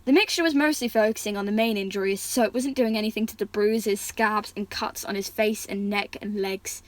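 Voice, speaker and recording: A woman's voice: medium pitch, brisk, no room sound, rough recording. A woman reading a fantasy story aloud, restarting words now and then. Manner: reads characters' lines with stronger feeling, slips and restarts words. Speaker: reader.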